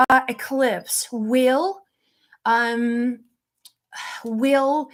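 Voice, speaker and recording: A woman's voice: high voice, darkish tone. A woman speaking as a psychic medium and spiritual teacher, talking to camera in an earnest, encouraging way. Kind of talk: casual spoken teaching to camera.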